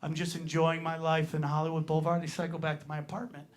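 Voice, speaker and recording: A man's voice: a little high, completely flat delivery, fast talker. A male stand-up comedian telling a crude, brash story to a live audience in a comedy club.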